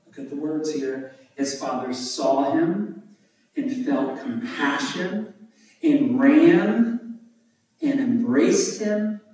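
A man preaching a sermon and reading scripture aloud, animated and emphatic, his voice jumping up on key words. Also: mid-range voice. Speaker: pastor. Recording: echoey room, voice from a distance.

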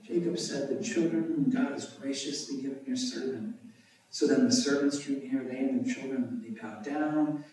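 A man preaching a sermon and reading scripture aloud, animated and emphatic, his voice jumping up on key words. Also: mid-range voice, moderate pace. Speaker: pastor. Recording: echoey room, voice from a distance.

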